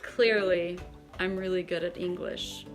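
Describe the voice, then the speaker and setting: A woman's voice: on the low side, steady tone, a little slow. A young woman in her home kitchen, chatting casually through a baking vlog, playful and self-deprecating, tripping over her words, with faint music behind. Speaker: home baker vlogger.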